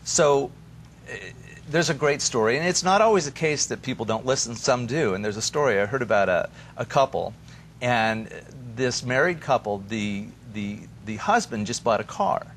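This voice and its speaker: Animated male therapist giving advice. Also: mid-range voice, moderate pace, a little hiss or hum. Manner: animated storyteller who acts out quoted voices. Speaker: therapist guest. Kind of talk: advice on a TV talk show.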